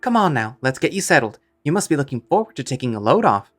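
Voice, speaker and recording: A bright, bubbly young stewardess chirps along in a high, eager voice, as a male narrator puts her on. The welcome stays cheerful and upbeat. Soft music plays underneath the voice. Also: big pitch swings, quick pace.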